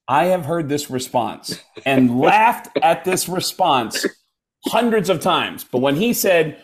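A middle-aged stand-up comedian tells stories in casual chat, animatedly acting out the voices of the people in them. His voice is on the high side and unhurried.

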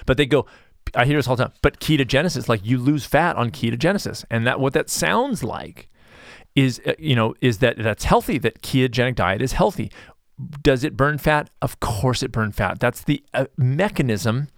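Male podcast host, casual rambling monologue, mid pitch, dry close mic. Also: lively intonation, normal speed, vocal fry, no room sound. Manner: rambling, with many restarts and asides.

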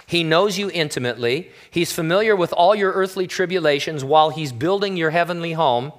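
Slightly high-voiced, chatty male preacher. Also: a little fast. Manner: relaxed, chatty preaching with wry asides. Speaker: pastor. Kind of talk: conversational sermon.

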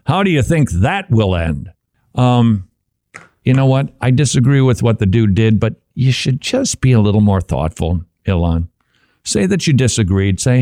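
A man hosts a Christian talk show in a loose, conversational way, tossing in wry asides and little chuckles. His voice sits at an ordinary middle pitch. It is recorded dry and close, with no room sound. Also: big pitch swings, moderate pace, mellow, dry recording. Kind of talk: casual commentary.

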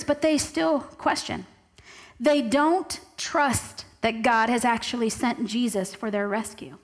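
A woman preaching a sermon, reading scripture aloud and slowing down to stress key words. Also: high voice. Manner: reads scripture aloud, slows down for emphasis.

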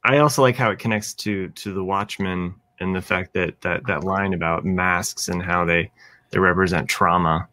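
A man with a low, bright voice co-hosts a podcast and talks in a halting, hesitant way. The sound is close and dry, with a bright edge. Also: fairly even intonation, no room sound. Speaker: podcast co-host. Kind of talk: casual podcast chat.

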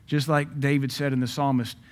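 A middle-aged man, a pastor preaching a sermon in a lively way, acting out quoted voices and adding joking asides. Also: mid-range voice, a little fast. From Southern US.

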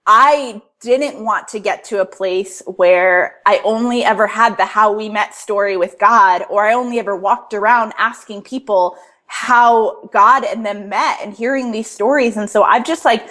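A woman's voice: mid-range voice, a little slow, fairly bright tone. A young adult woman, a podcast guest, talking in a heartfelt, earnest way and filling her speech with "like.". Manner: earnest, fillers like "like" throughout. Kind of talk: casual heartfelt conversation.

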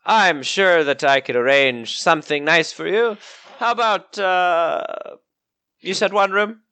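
A man's voice: high-pitched, a little slow, pushed and bright, clean tone, dry recording, voice pushed up, exaggerated voice. A chummy innkeeper greets travellers, as a man voices him. His mock accent keeps wandering from British to French to Irish. The sound is dry and close. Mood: welcoming. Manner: broad put-on accent drifting between British, French and Irish. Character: male innkeeper, friendly, accent keeps slipping.

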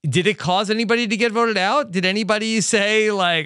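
A man hosting a podcast, chatting casually with wry, low-key remarks about a reality show. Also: brisk, bright, forceful tone, clear, resonant tone, no room sound, clean studio sound. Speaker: podcast host. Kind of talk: casual recap chat.

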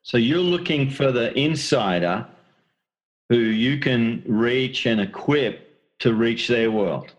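A man's voice: mid-range voice, lively intonation, takes it slowly, lo-fi sound. Man asking brief follow-up questions. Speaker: interviewer. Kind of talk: interview questions.

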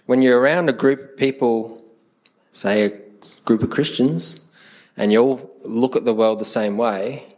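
A middle-aged Australian man from Adelaide preaching a sermon as a pastor, in a conversational, animated way that slips into quoted voices. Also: medium pitch, a little slow.

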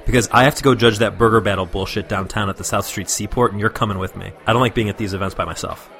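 A man's voice: lowish voice, fairly even intonation, quick pace, fairly bright tone. A man co-hosting a comedy podcast, talking in an exasperated, sarcastic way. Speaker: podcast co-host. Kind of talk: improvised comedy sketch.

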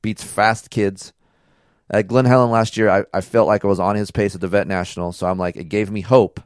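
Low-voiced male podcast co-host, loose and profane, dry close mic. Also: brisk, smooth, no room sound. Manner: rambling, profane, animated storytelling. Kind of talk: casual chat.

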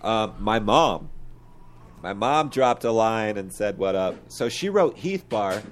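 A man with a fairly low voice talks in loose, easygoing chat as a podcast co-host. He rambles and swears without a second thought, with a faint hiss under his voice. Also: expressive, slow. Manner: laid-back, swears freely, rambling. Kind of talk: casual chat.

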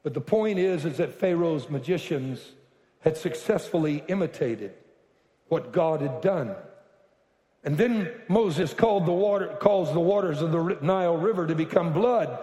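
A man's voice: fairly high pitch, moderate pace. Preaching man in an echoing church. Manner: animated storytelling with joking asides, bursts to shouting. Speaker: pastor. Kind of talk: sermon. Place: church sanctuary. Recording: echoey reverberant hall.

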